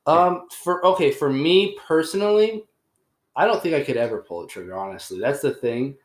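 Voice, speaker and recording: A man's voice: on the high side, big pitch swings, fairly quick. A young man, telling a story as a podcast host in casual, rambling chat full of fillers and swearing. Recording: roomy echoey room.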